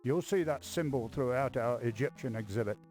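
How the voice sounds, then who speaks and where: A woman's voice: a bass voice, fairly quick, mellow, faint music behind, pitched below the performer's own voice. A woman voicing an aloof older male museum staffer in a dry, dismissive way while playing an adventure game.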